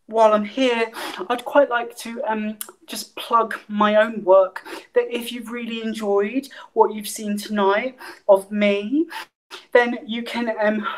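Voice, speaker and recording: A woman's voice: fairly high pitch, a little mellow, low-quality recording. Rambling middle-aged woman. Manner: rambling, hesitant, full of ums. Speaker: guest performer. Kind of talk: casual spoken appeal.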